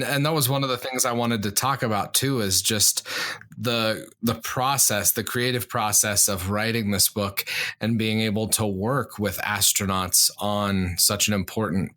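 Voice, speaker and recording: A lowish man's voice hosts a podcast interview. He asks long, rambling questions in a friendly, easygoing way. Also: sharp tone. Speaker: podcast host. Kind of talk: casual interview talk.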